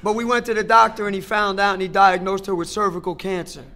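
A middle-aged man with a fairly high voice tells his recovery story at a meeting. He speaks emphatically, turns to the listeners directly, and hammers a point home by repeating phrases. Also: level tone, fast talker, bright, forceful tone. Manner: talks straight to the crowd. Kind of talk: personal recovery testimony.

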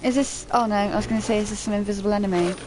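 A woman's voice: medium pitch, steady tone, rapid-fire, over music. A woman giving casual, chatty commentary while playing a video game, often poking fun at herself. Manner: chatty, self-deprecating running commentary. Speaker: let's play gamer.

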